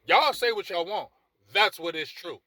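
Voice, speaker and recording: A man hosts a sports talk show, pleading and repeating himself with emphatic passion. His voice is bright and tense, recorded dry with no room echo. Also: sits high, animated, moderate pace. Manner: passionate, emphatic, repetitive, addresses people directly. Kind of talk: casual sports commentary monologue.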